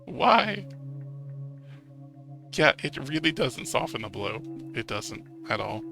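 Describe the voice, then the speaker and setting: Guy streaming a game, sarcastic and sweary, gravelly voice, music going behind. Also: fairly low pitch, moderate pace. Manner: sarcastic, swears, laughs often. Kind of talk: live-stream game reading with commentary.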